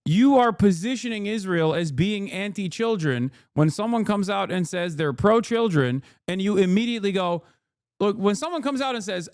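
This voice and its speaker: A man with a notably high-pitched voice rants through live-stream commentary, swearing freely and hammering his points. The sound is dry and close, with no room around it. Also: animated, fairly quick, a little mellow, clear, resonant tone, no echo. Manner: profane, ranting, emphatic. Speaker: streamer reacting to clips.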